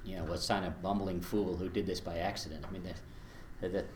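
A man teaching a class on Latin verse, lively and chuckling, slowing down to recite lines beat by beat. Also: deep voice, roomy sound, slight background noise. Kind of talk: lecture with recitation.

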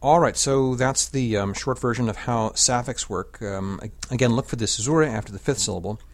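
A man teaching a lesson on poetic meter. He explains in a relaxed way, then recites lines of verse slowly and stresses the beat. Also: mid-range voice. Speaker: classics teacher. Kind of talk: spoken lecture with slow recitation of verse.

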